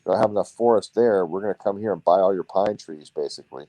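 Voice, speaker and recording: A man's voice: deep voice, fast, warm tone, a little hiss or hum, lightly acted. A man retelling the words of a blunt, insistent European stranger in a slightly raised voice. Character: insistent European man selling wood-pellet future.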